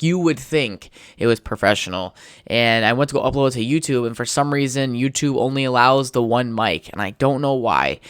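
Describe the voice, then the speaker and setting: A young man rambles through stories on his solo podcast, sounding tired and laid-back and swearing often. His voice is smooth and clear at a middle pitch, recorded close with a dry, dead sound. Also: fairly bright tone, no echo. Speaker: podcast host. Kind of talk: casual solo storytelling. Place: home setup with a podcast mic.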